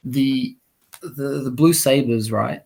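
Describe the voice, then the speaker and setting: A man co-hosting a casual podcast, talking in a loose, rambling way. He trips over his words and circles back, filling gaps as he goes. His pitch sits in an ordinary middle range. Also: takes it slowly, creaky, a little mellow. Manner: rambling, many restarts and "like". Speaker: podcast co-host. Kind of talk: casual chat.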